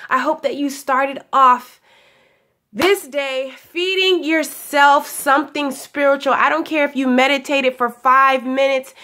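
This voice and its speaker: A young woman giving a casual daily spiritual pep talk, chatty and affectionate, her voice still a little hoarse from recovering. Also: high voice, fairly even intonation, measured pace, sharp tone. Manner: chatty and affectionate, laughs often, calls listeners "honey". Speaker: spiritual guidance vlogger.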